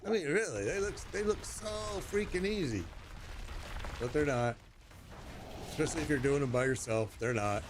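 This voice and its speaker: A man's voice: mid-range voice, lively intonation, moderate pace, long pauses, noisy background. A man in his sixties, streaming a game and chatting casually, often chuckling and telling stories with playful quoted voices. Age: 60s. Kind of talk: casual chat while gaming.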